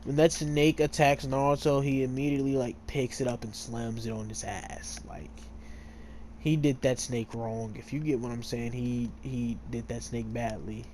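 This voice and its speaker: A man's voice: mid-range voice, flat delivery, moderate pace, darkish tone, slight background noise. A man casually retelling a story while playing a game, full of fillers, often tripping over names and correcting himself. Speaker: gamer retelling a fan story.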